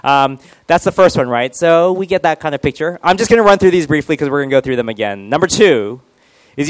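A man's voice: medium pitch, expressive, brisk, dry recording. A male pastor giving a casual, joking sermon and quizzing his congregation.

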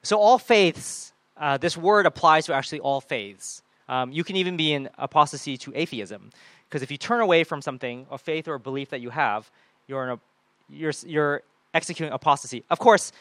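A man preaching a sermon in a lively way, often acting out the people and voices he quotes. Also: on the high side, a little fast, no echo. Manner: animated, acts out quoted voices.

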